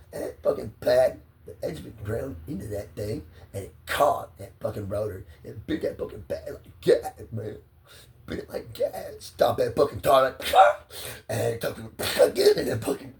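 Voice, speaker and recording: A gravelly-voiced man spins a crude, wandering story, cursing nearly every line and chuckling at himself. His pitch swings up and down a lot, and he sits a bit away from the mic. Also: darkish tone, recorded from a distance. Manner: profane, rambling, laughing at his own story.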